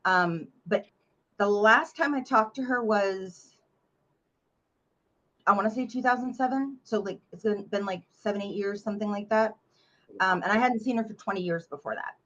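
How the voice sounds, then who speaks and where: A woman from North Carolina, a memoir author guest telling a story in a blunt, animated way and swearing freely. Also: medium pitch, normal speed, dull audio. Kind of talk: casual interview storytelling.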